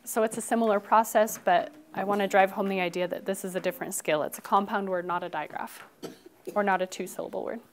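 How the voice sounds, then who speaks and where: A young woman teaching a phonics lesson to first graders in a classroom, upbeat and encouraging, slowly drawing out words as she models them. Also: medium pitch, steady tone. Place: elementary classroom.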